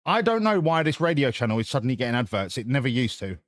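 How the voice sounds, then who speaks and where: A man's voice: mid-range voice, big pitch swings, fast talker, no echo, studio quality. A man, chatting casually with his viewers on a live stream in sarcastic, sweary, mock-lecturing rants.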